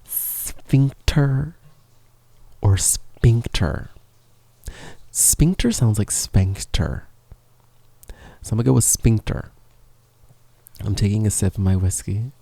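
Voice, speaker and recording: A man's voice: on the low side, a little slow, creaky, pauses often, warm tone, no room sound. A man hosting a podcast, talking in a loose, rambling and self-mocking way, sometimes dropping to a whisper, close on a studio microphone in a small studio. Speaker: podcast host. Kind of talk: casual rambling monologue. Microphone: professional studio microphone, close.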